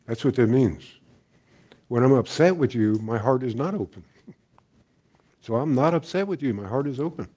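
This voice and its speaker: Relaxed, chuckling older man storyteller. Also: mid-range voice, moderate pace. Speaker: guest teacher. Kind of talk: storytelling talk.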